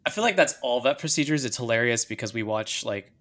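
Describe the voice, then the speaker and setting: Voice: medium pitch, fast, fairly bright tone. A podcast host in casual chat who shares stories and acts out quoted dialogue.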